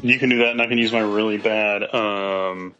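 A man's voice: lowish voice, fairly even intonation, moderate pace, pushed and bright, muffled recording, soft background music. A young man co-hosting a podcast, chatting casually and tossing in wisecracks. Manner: wisecracking, laughs often. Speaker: podcast co-host. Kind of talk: casual chat.

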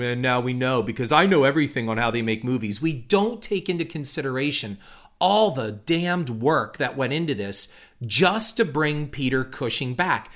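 A man's voice: mid-range voice, a bit bright. A middle-aged man hosting a solo podcast, talking in a rambling, opinionated way with many restarts and fillers. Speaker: podcast host.

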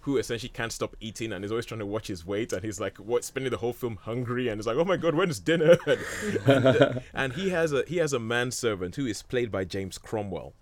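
A man's voice: medium pitch, fast, hardly any pauses. A man leading a casual chat about old films, rambling with many fillers and restarts and chuckling often. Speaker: film discussion host.

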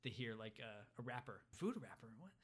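A man co-hosting a podcast, retelling a film in casual, animated chat with lots of fillers. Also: mid-range voice, fairly quick, slightly rough. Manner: animated storytelling, many fillers. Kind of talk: casual movie recap chat.

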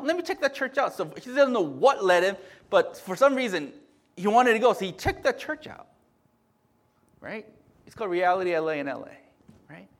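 High-voiced animated male preacher. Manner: animated storytelling, swinging between loud bursts and hushed murmurs; frequent "right?" tag questions. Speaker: pastor. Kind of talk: sermon.

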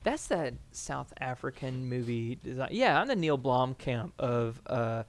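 A young man co-hosting a podcast, telling stories in a rambling, animated way with lots of fillers. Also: medium pitch, a little slow. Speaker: podcast co-host. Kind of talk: casual chat.

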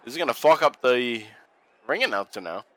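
A man co-hosting a casual watch-along podcast, joking, profane and excitable. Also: mid-range voice, brisk, dry recording, rough recording. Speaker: podcast co-host.

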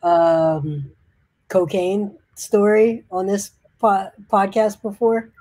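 A man guesting on a podcast in casual chat, relaxed and joking. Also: sits high, takes it slowly, poor audio.

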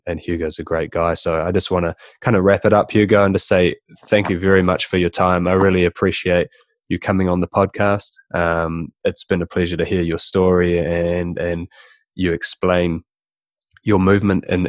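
Podcast host, male, deep and monotone, earnest and casual. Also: moderate pace, no room sound, clean studio sound. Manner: earnest, repeats words when starting sentences. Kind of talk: casual interview chat and outro.

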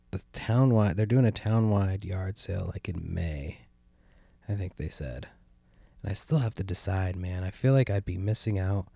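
A man's voice: low-pitched, gravelly, dark tone, no echo. A young adult man hosting a casual solo podcast, rambling and complaining with lots of swearing and a sardonic edge. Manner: profane, rambling, meandering. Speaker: podcast host. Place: sitting at home by a window.

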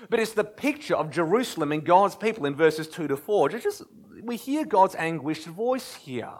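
A man preaching a sermon, moving between loud impassioned pleading and hushed, almost whispered lines. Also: high voice, lively intonation, normal speed, hardly any pauses. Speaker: pastor.

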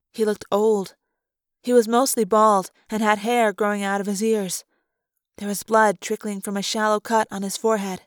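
A woman narrating a novel in the first person, calm and steady, in a fan audiobook. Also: mid-range voice, dry recording, clean studio sound. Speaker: audiobook reader.

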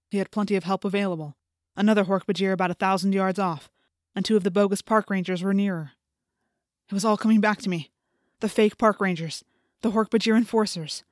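A female audiobook narrator reads a first-person story in a measured, steady voice that rises during intense passages. Her pitch is medium, and the close studio mic captures her with no echo.

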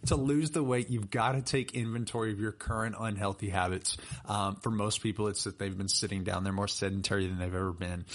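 Man, young adult, lowish voice, casual podcast storyteller. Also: fairly quick, hardly any pauses. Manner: chatty, animated storyteller with laughs and fillers. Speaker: personal trainer and podcast co-host.

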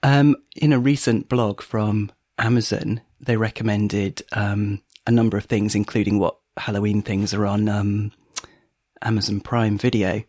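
A man's voice: lowish voice, steady tone, unhurried, a little mellow, no room sound, clean studio sound. A man hosting a podcast in casual chat, laughing often and filling gaps with ums. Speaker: podcast host.

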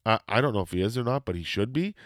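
A man from Canada telling a casual story on a podcast, animated and swearing as he acts out what people said. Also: on the low side, rapid-fire, no echo, clean studio sound.

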